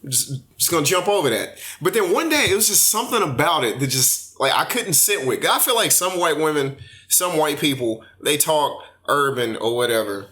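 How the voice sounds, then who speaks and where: A young man with a bright, forward voice tells a long story in loose, slangy talk. He is animated and drops curse words casually while chatting with friends on a podcast. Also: fairly high pitch, normal speed. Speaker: podcast host. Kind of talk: casual chat.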